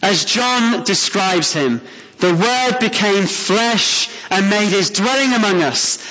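High-voiced man preaching in a reverberant hall. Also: expressive, slow, pushed and bright. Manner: earnest, emphatic preaching with rhetorical questions. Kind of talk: sermon.

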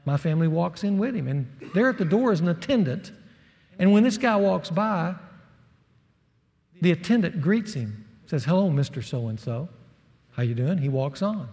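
A middle-aged man giving a sermon to a men's group, telling a personal story in a folksy, animated way. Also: high voice. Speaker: speaker at a men's ministry session. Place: large hall with a live audience. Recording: long reverb of a large hall.

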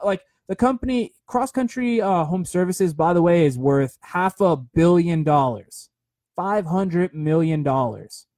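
A man's voice: a little high, dark tone, no echo. A young man giving a rambling, earnest motivational talk on a phone livestream, full of fillers and repeated words.

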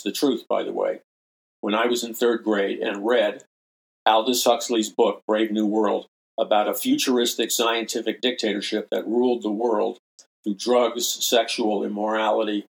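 A man's voice: on the low side, gravelly, poor audio. An older man, a minister and show host, giving impassioned preaching commentary and repeating phrases for emphasis.

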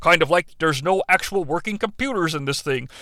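A man's voice: a little high, animated, brisk, pushed and bright, no echo. A man doing a smug, lazy mentor. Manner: smug, lecturing. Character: lazy, self-satisfied male mentor giant face.

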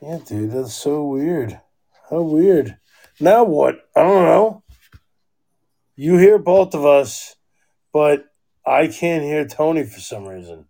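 A man's voice: fairly high pitch, takes it slowly, vocal fry, long pauses. A young man co-hosting a podcast over a phone call, cursing freely and laughing often. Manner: profane, excitable, laughing often. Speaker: podcast co-host. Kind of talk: casual chat.

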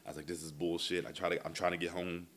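A man with a very low voice telling a long travel mishap story in casual, profane chat, swinging between low muttering and loud exasperation. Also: level tone, fast, slight background noise.

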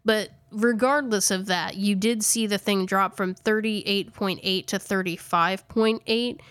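Casual podcast host, woman; smooth voice, chatty with fillers, slightly breathless. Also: medium pitch, steady tone, a little slow, fairly bright tone, dry recording. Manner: chatty, lots of "like", self-correcting. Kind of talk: casual chat recapping a ghost-hunting video.

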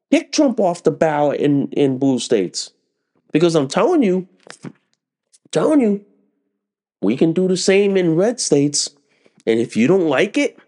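A man hosting a podcast in a heated, profane rant, hammering the same points again and again. His pitch swings widely while his delivery stays slow and deliberate. He is getting over a head cold. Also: warm tone. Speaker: political podcast host. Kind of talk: ranting political commentary.

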